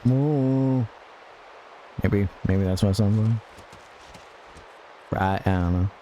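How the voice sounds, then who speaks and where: A man drifts through casual gameplay commentary at an unhurried, drawn-out pace. His voice is soft and mellow, and he rambles into absurd jokes, laughs often and mutters asides at the screen. A faint hiss of noise sits under the recording. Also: sits low, little pitch movement, muffled recording. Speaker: gaming podcast host.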